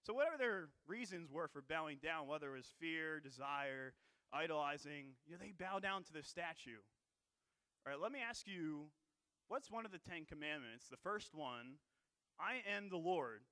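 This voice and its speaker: Man, sermon, bright and forceful tone, slightly high voice, dry close sound, throat-clearing, chatty "you know" asides. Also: lively intonation, moderate pace, no room sound. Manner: conversational, many fillers and tag questions. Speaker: preacher. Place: church.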